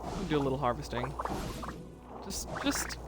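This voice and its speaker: Over background music, a woman with a rumbling low voice gives chatty, playful let's-play commentary at a moderate, animated pace. She streams a farming game at her desk mic, humming and singing little tunes to herself.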